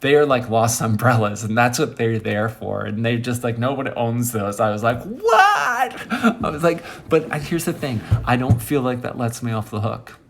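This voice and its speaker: A man telling a rambling personal story in a casual monologue, acting out quoted friends with sudden high squeaks and dropping to quiet near-whispers. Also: normal speed, gravelly, hardly any pauses. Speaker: monologue host.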